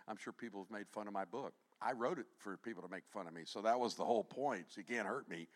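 A man preaching a sermon as pastor, animated and humorous, interrupting himself and swinging from quiet asides to near shouting. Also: mid-range voice. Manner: self-interrupting with restarts and humor.

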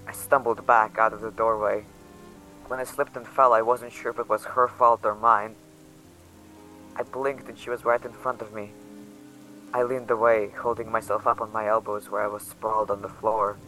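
A man narrating in the first person as a frightened young survivor, quiet and tense. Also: on the low side, flat delivery, normal speed, soft background music, low-quality recording. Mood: shaken. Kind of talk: audio drama narration.

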